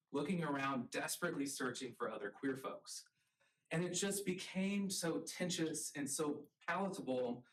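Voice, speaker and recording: A man from the rural American South giving a public lecture as a college art professor, earnest and halting, with frequent ums. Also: fairly high pitch, distant mic, poor audio.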